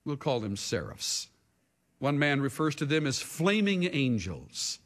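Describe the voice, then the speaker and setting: A male pastor preaching a sermon, swinging between hushed asides and shouts, leading the congregation in a call-and-response. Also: medium pitch, very animated, measured pace, big-room sound.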